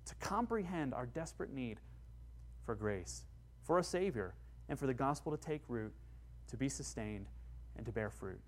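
A man's voice: mid-range voice, animated, moderate pace, long pauses. A man preaching a sermon with passion, rising to emphatic peaks. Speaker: pastor.

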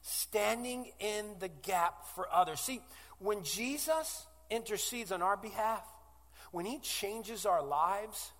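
A man in his forties preaching a sermon as pastor, moving from loud declarations to hushed pleas. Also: high voice, slow pace, big-room sound. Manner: impassioned, swinging from loud declarations to hushed, tearful-sounding pleas.

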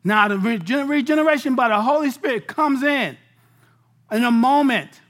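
Animated preacher man, swinging volume. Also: very high voice, moderate pace. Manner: animated, swings between loud and hushed; casual slangy delivery. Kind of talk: sermon.

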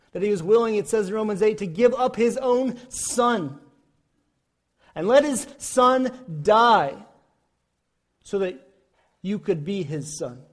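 High-voiced man preaching with passion. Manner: impassioned storytelling, rising and falling intensity. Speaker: pastor. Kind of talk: sermon.

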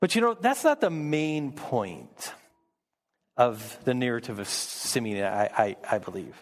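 Earnest preacher in an echoing hall. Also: male voice, medium pitch, sing-song, a little slow. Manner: earnest, repeats words when building emphasis. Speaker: pastor. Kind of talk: sermon.

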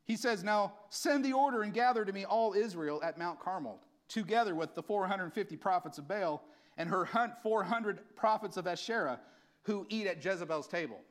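A man with a high, lively voice preaches to his congregation. He talks casually and with passion, and his pitch swings widely as he acts out the people he quotes. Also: moderate pace. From California. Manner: impassioned, conversational preaching with acted-out quotes. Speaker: pastor. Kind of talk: sermon.

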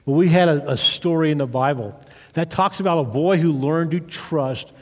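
A man's voice: fairly high pitch, normal speed, a little mellow, long reverb tail. A man pastor giving a children's sermon, retelling a story with animation and asking the kids questions.

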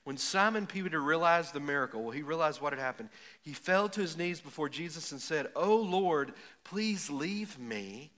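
Middle-aged male preacher, folksy storyteller, bright sharp voice with a touch of extra pitch. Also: a little fast. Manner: folksy storytelling, rising to emphatic, builds up to jokes. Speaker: pastor. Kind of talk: sermon. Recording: echoey hall with long reverb.

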